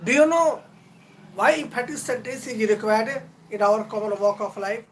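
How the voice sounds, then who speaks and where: A man teaching a live-streamed grammar lesson, lecturing earnestly and deliberately, drawing out key words between long pauses. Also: high voice, steady tone, a little hiss or hum, rough recording. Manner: earnest, motivational.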